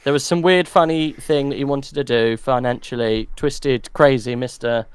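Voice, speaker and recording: Male co-host, mid-pitched, dry recording, bantering casual delivery. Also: clear, resonant tone, dry recording. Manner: joking, quick asides. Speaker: podcast co-host. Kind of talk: casual sports chat.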